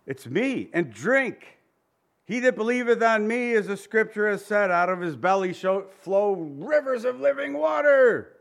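A male preacher voicing a young rabbi who loudly proclaims himself to a crowd. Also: on the high side, very animated, a little slow, full character voice. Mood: proclaiming. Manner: loud, proclaiming.

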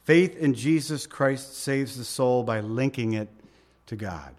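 A man preaching a sermon with emphasis, asking rhetorical questions and slowing down to stress scripture. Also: medium pitch, a little mellow. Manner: asks the listeners rhetorical questions. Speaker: pastor.

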